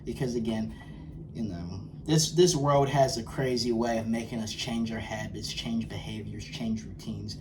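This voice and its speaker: A man's voice: on the low side, steady tone, normal speed. A man acting as a self-styled life coach, giving a motivational lecture to camera in a preachy, scolding, emphatic way. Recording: distant mic with faint background noise.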